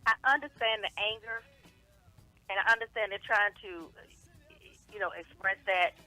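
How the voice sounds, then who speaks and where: A woman co-hosting a casual talk radio show, speaking in a measured, reflective way with affectionate greetings. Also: medium pitch, fairly even intonation, pushed and bright, faint music behind, rough recording. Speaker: show regular and co-host.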